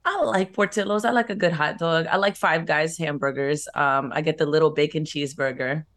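A woman's voice: low voice, brisk, fairly bright tone. A woman co-hosting a radio show, talking in a sassy, blunt, laughing way. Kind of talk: casual radio banter.

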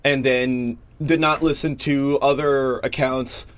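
A man's voice: mid-range voice, fairly even intonation, slow. A young man in casual discussion, explaining eagerly and at length in a rambling way.

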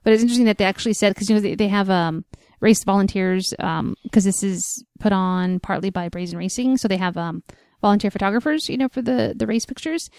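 A young woman in relaxed conversation with a mid-range voice. She talks freely, peppering sentences with fillers. The recording is close and dry. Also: mid-range voice, brisk, hardly any pauses, clean tone, no echo. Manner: chatty, lots of "like" and "um". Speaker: podcast co-host. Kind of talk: casual chat.

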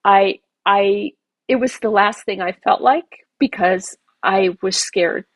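A woman's voice: medium pitch, slow pace, no room sound. A woman, a garden designer and podcast guest, telling an emotional personal story with many asides.

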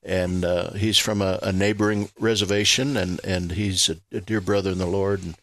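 Male ministry leader, lowish voice, halting with fillers, dry sound. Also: steady tone, no room sound. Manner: halting, many fillers, warm introductions. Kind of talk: radio interview.

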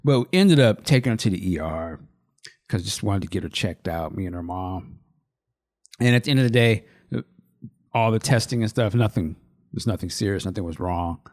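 A man's voice: deep voice, expressive, normal speed, darkish tone. A man in his thirties, a podcast co-host, telling a story in loose, rambling casual chat.

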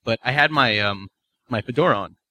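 A man co-hosting a podcast, telling a relaxed anecdote with halting restarts. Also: medium pitch, no echo. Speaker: podcast co-host. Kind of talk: casual storytelling chat.

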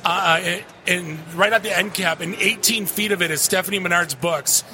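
A high-pitched man from the Detroit area tells rambling, joking stories as he hosts a podcast from a booth on a convention floor. Steady noise from the hall runs behind his voice. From Detroit area, Michigan. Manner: rambling storyteller, joking, quick asides. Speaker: podcast host. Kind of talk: casual convention chat.

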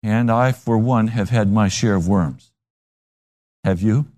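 A man's voice: lowish voice, slow pace, darkish tone. A man preaching a sermon with dramatic, emphatic storytelling.

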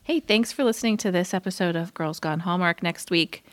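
A woman co-hosting a podcast, chatting casually about a movie, expressive and quick to laugh. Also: on the low side. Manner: expressive, laughs easily, reactive. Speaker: podcast co-host. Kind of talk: casual chat reviewing a movie.

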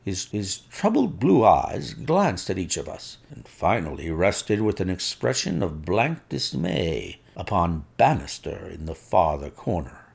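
A man narrating a classic story in an expressive, unhurried way. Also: low voice, gravelly, husky. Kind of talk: storybook reading.

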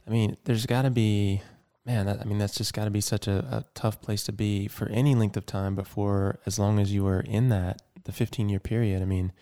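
A man's voice: lowish voice, level tone, fairly quick, hardly any pauses, dark tone. A man hosting an interview, supportive and winding through long questions with many fillers. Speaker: host. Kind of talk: casual interview.

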